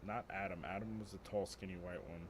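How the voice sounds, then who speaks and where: A man's voice: low-pitched, fairly even intonation, fast, background noise. A young man streaming, telling rambling, profane stories and laughing at his own jokes. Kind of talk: casual storytelling.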